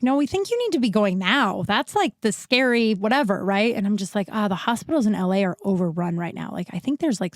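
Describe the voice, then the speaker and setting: Her voice sits at medium pitch, recorded with no room sound. As a podcast host, she delivers a long, conversational monologue about her own life, peppered with swearing and acted-out quotes. She seems a bit winded, recovering from being sick.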